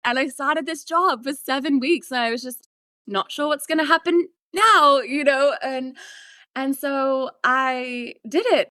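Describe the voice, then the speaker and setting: A woman in her thirties tells her story as a podcast guest, bright and animated. Her voice sits a little high, and she laughs often and plays out her past remarks. The sound is dry and close. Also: measured pace, no echo. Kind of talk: storytelling in a casual interview.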